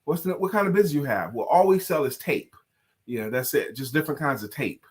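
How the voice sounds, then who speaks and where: A male co-host of a casual talk show speaks animatedly and fairly quickly in a slightly high, breathy voice. Playful and teasing, he laughs often and sings lines of songs.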